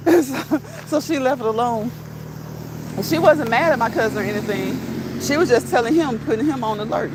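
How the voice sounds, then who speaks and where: A woman vlogging while out on a walk, telling a story in a casual, animated way, laughing often and reading viewer comments aloud. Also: a little high, normal speed, background noise. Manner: reads live chat comments aloud. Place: outdoors on a walk.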